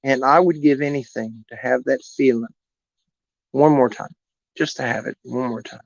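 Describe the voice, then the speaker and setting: A man's voice: medium pitch, fairly even intonation, normal speed, creaky, no echo. A man, telling a heartfelt personal story in a rambling, earnest way to viewers on his live stream. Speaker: animal rescue host on a live stream. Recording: dull lo-fi live stream audio.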